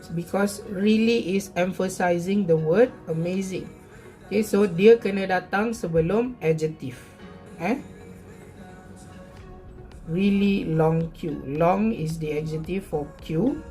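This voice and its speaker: A teacher with a Malaysian English accent, explaining a grammar point slowly, saying "okay" often and mixing in Malay. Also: male voice, high voice, dark tone, soft background music. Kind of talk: recorded classroom lesson.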